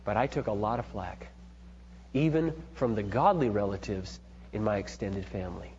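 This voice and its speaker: A man's voice: on the low side, expressive, moderate pace, long reverb tail, muffled recording, a little hiss or hum. A middle-aged man giving an earnest, emphatic, preachy talk on parenting, told through personal stories. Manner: earnest, emphatic, building to forceful points. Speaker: parenting speaker.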